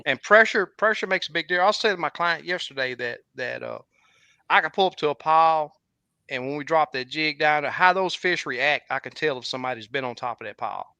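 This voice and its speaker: A man's voice: fairly high pitch, brisk, creaky, sharp tone, clean tone, no echo. A man hosting a casual fishing livestream, talking with many restarts. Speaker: fishing guide and livestream host.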